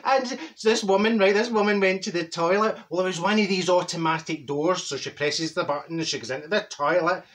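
A man's voice: sits high, moderate pace, bright, forceful tone. A man voicing a chatty older Glasgow woman with a Glaswegian Scottish accent, telling cheeky gossip and stories to camera with frequent laughs. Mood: gossipy. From Glasgow, Scotland. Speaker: comedy character host. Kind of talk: comic monologue to camera.

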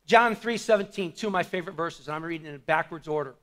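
Male pastor, very high forceful voice, impassioned church sermon. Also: lively intonation, normal speed, pauses often. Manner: fervent preaching that swings from hushed to shouted. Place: church service with a congregation.

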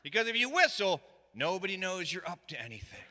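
A middle-aged man tells a comic tale to a live audience. His voice sits high and cuts with a hard, bright edge. A long hall reverb trails each line. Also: fairly quick. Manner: animated, shouting quoted lines, dry asides. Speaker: storyteller. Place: stage in a hall.

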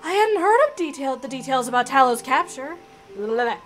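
A woman gamer giving excitable, exclamatory commentary as she plays a video game. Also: sits high, fairly quick, faint music behind. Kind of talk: let's play commentary.

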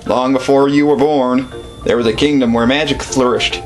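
A man's voice: mid-range voice, steady tone, normal speed, over music, close to an everyday voice. A man voicing a cocky little male master of magic and war, lecturing in a smug tone.

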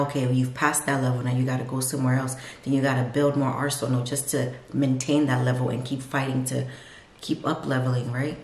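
Young woman, very deep voice, rambling confessional vlog talk, lots of fillers, echoey room on the camera mic. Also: a little mellow, a little hiss or hum. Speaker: vlogger. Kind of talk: candid vlog monologue. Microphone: camera mic, no lapel.

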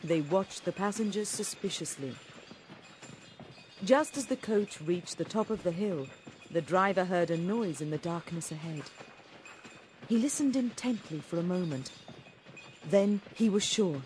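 A woman reading a story aloud in a clear, steady audiobook narration. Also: fairly low pitch, a little slow, pauses often, a little hiss or hum.

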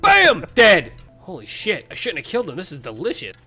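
A man co-hosting a podcast, reacting to a TV episode with loud exclamations and lots of swearing. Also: on the high side, fast talker, faint music behind. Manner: loud, animated, swears freely, exclaims at the screen. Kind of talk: casual reaction chat.

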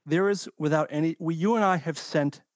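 A man's voice: a little high, fairly quick, dry recording. A man co-hosting a podcast over a remote call, joking and rambling with lots of swearing. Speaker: podcast co-host. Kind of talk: casual chat.

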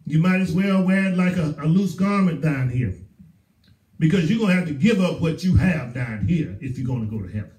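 A man's voice: fairly high pitch, animated, a little fast, darkish tone. A male pastor with a Southern US accent, preaching a sermon with emphatic repetition. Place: church sanctuary. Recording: roomy echo, voice from far off.

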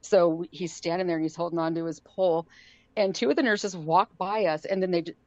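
Speaking a little fast in a lowish voice, this middle-aged guest recounts a story on a podcast, laughing frequently and performing the quotes with animation. The recording is dry, dull, and lo-fi.

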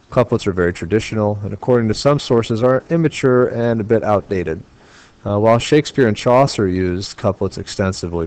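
A man's voice: fairly low pitch, a little mellow. An American man as a teacher, explaining poetry homework step by step and tapping out the stressed beats aloud.

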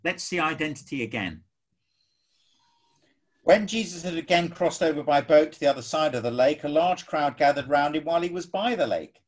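A man with an English accent preaching a sermon, emphatic and animated, acting out the people he quotes. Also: fairly high pitch, normal speed.

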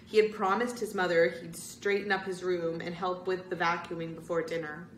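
A woman reads a spooky children's chapter book aloud, narrating with drama and feeling. Her voice is mid-pitched. The room gives it a noticeable echo. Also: level tone, normal speed, far from the mic, a little hiss or hum. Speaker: story-time reader. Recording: roomy echo.

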